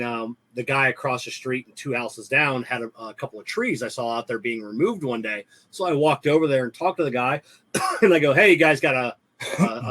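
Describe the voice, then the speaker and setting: A man's voice: mid-range voice, a bit bright. A man in casual podcast chat, telling rambling anecdotes and acting out what workers told him. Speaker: podcast co-host.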